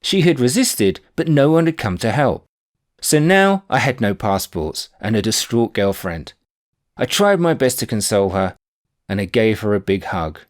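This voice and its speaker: A man reading his own book aloud, telling a personal anecdote in a wry, animated way. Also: fairly low pitch, moderate pace. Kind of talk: audiobook narration of a personal anecdote.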